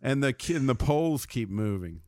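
A male podcast host chatting casually with guests. He delivers his jokes flatly, with no change of tone, and steers the talk along. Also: mid-range voice, moderate pace. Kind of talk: casual chat.

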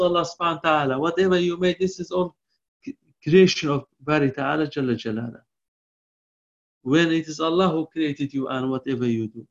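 A man giving a lecture on Quran commentary, reciting Arabic verses quickly and then explaining them in halting English with many restarts. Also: fairly high pitch. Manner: frequent restarts and fillers. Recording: dull lo-fi recording.

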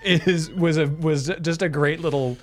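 A man's voice: fairly high pitch, a little slow. A man co-hosting a casual podcast, recapping wrestling and acting out the wrestlers' lines. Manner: animated storyteller, acts out quoted wrestlers. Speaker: podcast co-host.

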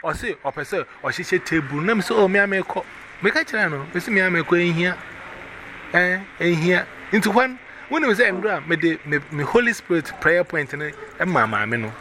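A man with a Ghanaian accent telling a personal testimony in a casual, animated way, switching between Twi and English. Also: on the high side, normal speed. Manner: mixes Twi and English, animated retelling with quoted voices. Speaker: evangelist. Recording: audible background noise.

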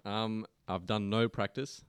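Young male co-host, low voice, self-mocking, dry recording. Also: steady tone, measured pace, smooth, dry recording. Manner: self-deprecating, chatty. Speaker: podcast co-host. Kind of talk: casual chat.

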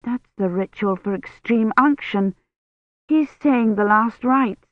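A woman's voice: fairly high pitch, slow, dry recording. A reader voicing a feverish, frightened young woman. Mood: weak, frightened. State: sore throat. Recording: dry tinny phone-like audio.

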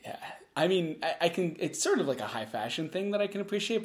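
A woman co-hosting a podcast in casual chat, halting and full of fillers, laughing often. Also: lowish voice, big pitch swings. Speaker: podcast co-host.

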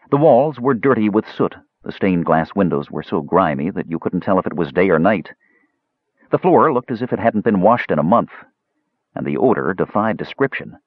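A man narrating an audiobook in a measured, expressive storytelling style, on a dull, muffled recording. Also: deep voice, slightly rough, dry recording. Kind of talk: scripted narration.

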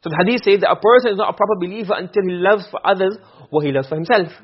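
Quick, husky male grammar teacher. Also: high voice. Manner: quizzing students with quick questions. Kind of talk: classroom lesson. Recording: muffled lo-fi classroom recording.

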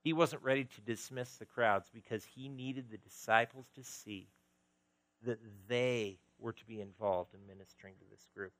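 A male pastor preaching a sermon, moving between loud emphasis and quiet, intimate stretches. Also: medium pitch, moderate pace, dry recording, poor audio.

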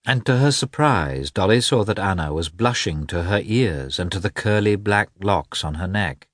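Low, husky male audiobook narrator. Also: animated, moderate pace, a bit bright, no echo, clean studio sound. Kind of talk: scripted narration.

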